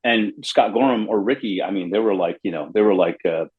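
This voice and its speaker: A middle-aged man from Los Angeles, a bass player telling rambling, animated stories in a casual interview. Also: fairly quick, slightly rough, phone-quality sound. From Los Angeles, USA. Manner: rambling, animated anecdotes with acted quotes.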